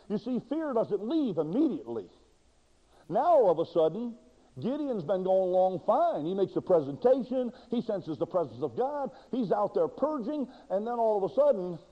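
A man preaching a sermon with dramatic delivery, acting out quoted voices and swinging between loud and hushed passages. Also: sits high. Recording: dull lo-fi sound in a reverberant hall.

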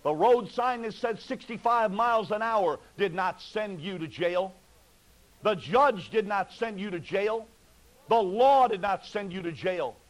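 A man's voice: sits high, measured pace, low-quality recording. A man preaching a fervent sermon from the pulpit, pleading with his listeners through repeated rhetorical questions.

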